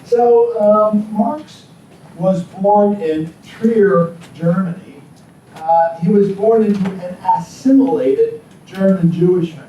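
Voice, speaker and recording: A man's voice: high-pitched, slow, dark tone, slight background noise. A man giving a political science lecture in a classroom, rambling with frequent ums and asides. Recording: echoey classroom from far off.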